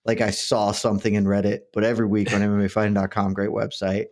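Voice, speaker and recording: A man co-hosting a betting podcast, telling stories in an animated, laughing way. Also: lowish voice, fast. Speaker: podcast co-host. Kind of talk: casual betting chat.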